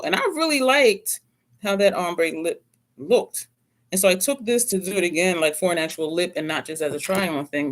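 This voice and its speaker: A beauty vlogger talks through their makeup in a loose, chatty way, often stopping to correct a product name. The voice sits at a middle pitch, and playful asides and small laughs come up now and then. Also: a bit bright. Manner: chatty, rambling product rundown with self-corrections. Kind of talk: casual makeup review chat.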